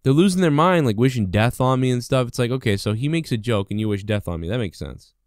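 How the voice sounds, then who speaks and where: A man's voice: mid-range voice, expressive, fast, no room sound. Rambling, profane man with a dry sound. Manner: profane, rambling, indignant, full of fillers. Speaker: podcast host. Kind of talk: solo rant.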